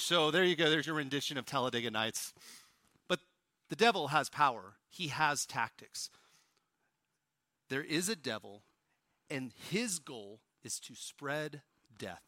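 Bright, high-voiced preacher from Oklahoma. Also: male voice, unhurried, no room sound, studio quality. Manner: animated, swings from loud to hushed. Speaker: pastor. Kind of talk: sermon. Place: on stage.

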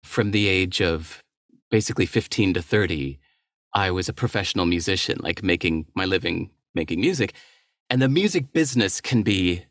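Low-voiced man musing in an interview. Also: fairly bright tone, no room sound, clean studio sound. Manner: thoughtful, candid, with small laughs and restarts. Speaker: guest, writer and entrepreneur. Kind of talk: reflective interview talk.

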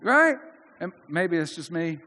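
A man's voice: on the high side, very animated, a little slow, bright, forceful tone, big-room sound. A man preaching a sermon in an earnest, conversational way, often restarting his sentences. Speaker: pastor.

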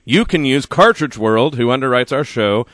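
A man's voice: mid-range voice, animated, a bit bright, dry recording. A man from Oklahoma co-hosting a radio talk show from a studio, chatting casually and joking. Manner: jokey, quick laughs, frequent restarts. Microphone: studio microphone.

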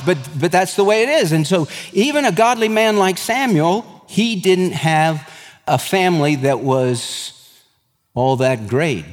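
A man's voice: on the high side, long reverb tail. A man preaching a sermon as pastor, reading scripture aloud and explaining it with folksy, everyday asides.

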